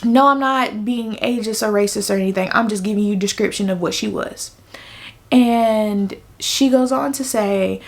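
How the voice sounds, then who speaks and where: A woman's voice: mid-range voice, normal speed, creaky. A young woman telling a personal story to camera in an emphatic, venting way, repeating her points for stress. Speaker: vlogger. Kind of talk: casual storytime.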